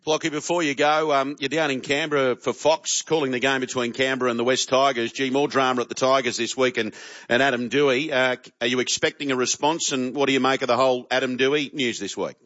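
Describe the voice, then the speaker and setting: A fast-talking man hosts talk radio in an upbeat, quick interviewing way. The audio sounds slightly dull and muffled. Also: medium pitch, fairly even intonation, fairly bright tone. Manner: upbeat, quick interviewing, calls guests "buddy". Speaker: radio host.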